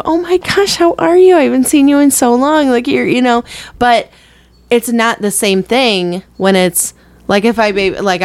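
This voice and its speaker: A woman's voice: mid-range voice, no room sound. A woman co-hosting a casual film podcast, talking in a rambling way with lots of fillers and restarts, laughing easily. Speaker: podcast co-host.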